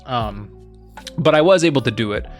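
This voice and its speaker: A young man casually telling a story as a co-host, rambling with lots of fillers and quoting people in animated bursts. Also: mid-range voice, normal speed, faint music behind.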